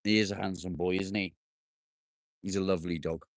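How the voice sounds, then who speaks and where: Low-voiced man chatting on a live stream. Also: steady tone, a little fast, dry recording, clean studio sound. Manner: jokey, bantering, swears casually. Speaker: livestream host. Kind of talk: casual live-stream chat answering viewer comments. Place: outdoors in his garden with his dog.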